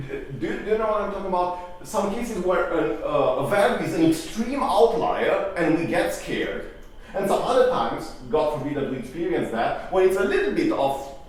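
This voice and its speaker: A man speaks to a conference audience in a loose, conversational way, throwing rhetorical questions at them and breaking off to restart his phrases. His fairly high voice swings widely in pitch. He is picked up from a distance in a very echoey hall, with faint noise underneath. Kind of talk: live conference talk to an audience.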